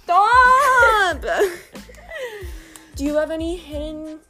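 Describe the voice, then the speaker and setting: A young woman co-hosting a podcast with a very high voice and an unhurried, drawn-out delivery. Her banter is playful and giggly, full of mock-dramatic outrage. Faint music plays quietly behind her. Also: animated. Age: young adult. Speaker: podcast co-host. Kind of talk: casual comedic banter.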